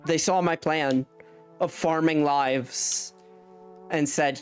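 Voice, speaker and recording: Young woman game streamer, low voice, slow and rambling, cusses a lot, faint music under her. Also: steady tone. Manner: rambling, swears freely, laughs mid-sentence. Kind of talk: casual live-stream chat while gaming.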